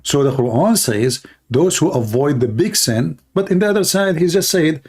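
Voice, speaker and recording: A man's voice: on the high side, expressive, moderate pace, few pauses, darkish tone. Emphatic man with a dry throat. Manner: emphatic, challenging, repetitive; frequent throat clearing. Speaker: debater and host. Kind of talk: confrontational livestream debate.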